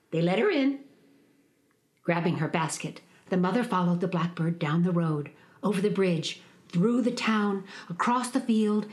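A woman reading a children's storybook aloud in an expressive, sing-song way. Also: lowish voice, moderate pace.

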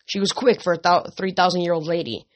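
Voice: mid-range voice, fast. A narrator reading a fantasy novel aloud, with occasional slips and restarts. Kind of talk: amateur audiobook reading.

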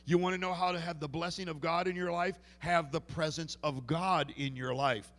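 A man's voice: a little high, fairly even intonation, moderate pace, a bit bright. A man preaching a sermon in a church, telling folksy stories and often restarting his sentences. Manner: folksy storytelling with many restarts. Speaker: pastor. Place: church sanctuary. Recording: long hall reverb.

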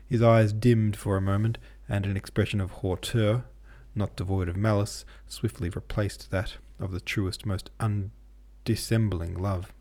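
Mellow-voiced man reading a classic novel. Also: lowish voice, fairly even intonation, a little slow, hardly any pauses. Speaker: podcast host and reader.

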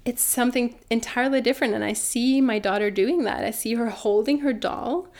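A woman's voice: on the high side, a little fast, darkish tone. A woman in her thirties, a mother and doula, telling her own story in an earnest, reflective way with many restarts. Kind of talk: personal storytelling in conversation.

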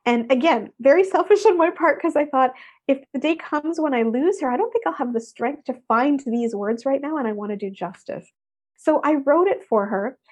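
A middle-aged woman, a guest in an interview, telling a personal story with lively expression. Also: high-pitched, normal speed, dull audio. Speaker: interview guest, workshop speaker.

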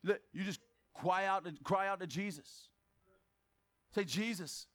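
A man with a very high voice preaches a lively sermon to his church. He keeps asking the congregation questions, slips in joking asides, and now and then bursts into a shout to drive his point home. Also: fairly quick. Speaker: pastor. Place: church service.

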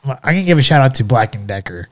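A man co-hosting a casual podcast, telling a story in a loose, rambling way packed with fillers. His voice sits at an ordinary middle pitch. He keeps circling back as he talks. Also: very animated, quick pace. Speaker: podcast co-host. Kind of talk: casual chat.

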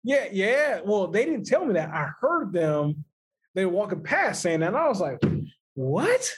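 A man co-hosting a podcast, telling a personal story in casual chat, animated and laughing often. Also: sits high, measured pace, husky. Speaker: podcast co-host.

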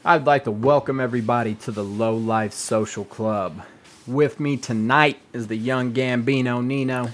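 A man's voice: mid-range voice, fairly even intonation, normal speed. A man hosting a casual podcast chat, laid-back and joking, with frequent swearing. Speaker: podcast host.

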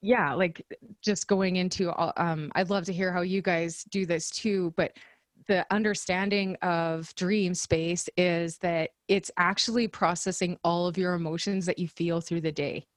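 Her voice on the low side with fairly even intonation, a woman co-hosting a podcast tells a story a little slowly in casual chat, laughing often. The recording is dry with clean studio sound.

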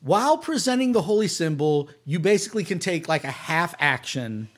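A man's voice: a little high, big pitch swings, normal speed. A man narrating and refereeing a tabletop role-playing game in a playful, descriptive storytelling manner. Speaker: game master.

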